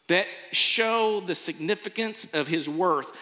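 A man's voice: sits high, expressive, a little slow, few pauses, bright, forceful tone. Earnest preaching man in a reverberant hall. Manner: earnest, acts out quoted reactions. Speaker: pastor. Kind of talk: sermon.

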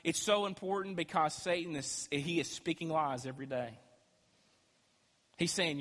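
A man preaching a sermon as pastor, emphatic and swinging between loud and quiet. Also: a little high, normal speed. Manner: emphatic preaching, rising and dropping loudness. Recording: echoey hall with long reverb.

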